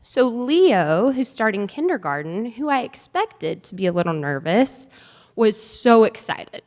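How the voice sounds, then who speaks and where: A woman's voice: mid-range voice, very animated, measured pace, a little mellow. Chatty woman speaking in a reverberant theatre. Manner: conversational, chatty, with light laughs. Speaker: faculty speaker at a white coat ceremony. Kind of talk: personal storytelling speech. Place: large theatre. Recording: long theatre-hall reverb.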